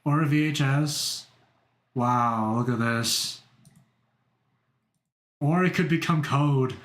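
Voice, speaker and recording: A young man streaming as a VTuber, casual and excitable, laughing and repeating himself as he talks. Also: mid-range voice, slow pace, pauses often, reverberant. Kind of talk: casual live-stream chat.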